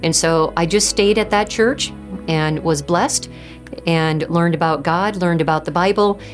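A woman giving a personal faith testimony, earnest and halting, often restarting her sentences. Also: on the low side, soft background music. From Southern California. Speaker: testimony speaker.

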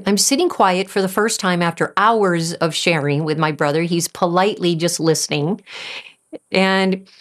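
A woman giving a personal faith testimony, earnest and halting, often restarting her sentences. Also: fairly low pitch. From Southern California. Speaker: testimony speaker.

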